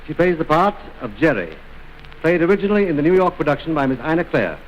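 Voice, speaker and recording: A man's voice: fairly high pitch, sing-song, fast, dull audio, slight background noise. A man presenting a film trailer in a formal, courteous, theatrical 1920s manner.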